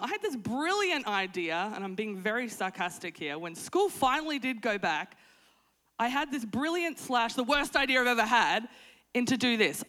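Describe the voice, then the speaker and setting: A woman in her thirties delivers a sermon at a conference with a bright, ringing voice pitched a little high. She tells funny family stories with animated swings up into excited, high exclamations. Soft music sits faintly underneath. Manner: drops to soft, low, fervent tone in prayer. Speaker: conference speaker. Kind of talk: sermon with prayer and humorous storytelling. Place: conference hall stage.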